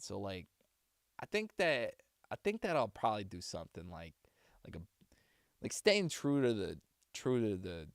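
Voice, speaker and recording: Low gravelly man chatting on stream. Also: dry recording, studio quality. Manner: rambling, chatting with viewers. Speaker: voice actor streamer. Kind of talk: casual live-stream chat.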